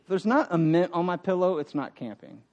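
Pastor, male, very high pitch, emphatic sermon delivery with humor. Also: lively intonation, fairly quick, darkish tone, lo-fi sound, slight background noise. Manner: emphatic, preaching with rising intensity and humor. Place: church sanctuary.

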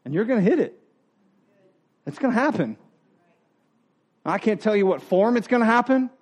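A man preaching a sermon as pastor, animated and joking, acting out quoted voices and laughing with the congregation. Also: high voice, normal speed.

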